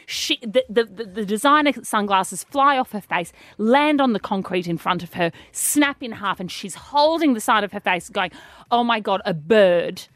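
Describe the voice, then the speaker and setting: A woman's voice: mid-range voice, normal speed, few pauses, no room sound. Aussie woman spinning a dramatic yarn on a podcast, voice jumps all over, dry and close. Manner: animated, dramatic storyteller, laughs often. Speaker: podcast co-host. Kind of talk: casual chat, storytelling.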